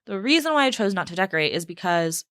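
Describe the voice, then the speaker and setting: A young woman hosting a casual solo podcast from a small home studio, talking in a chatty, animated way. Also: medium pitch, fast, clean tone, no room sound. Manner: chatty and animated, with big swoops up for quoted voices. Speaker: podcast host.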